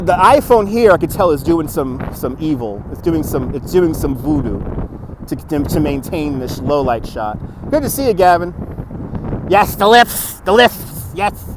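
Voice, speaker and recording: Out on the city streets at night, this livestreamer talks casually into a gimbal-mounted phone as he walks, laughing a lot and saying things over again. His pitch is fairly high, and there's background noise.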